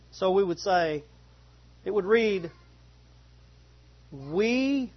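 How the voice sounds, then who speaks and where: A man teaching a Bible study, reading verses slowly and deliberately and repeating key phrases. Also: a little high, breathy edge. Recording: dull lo-fi recording.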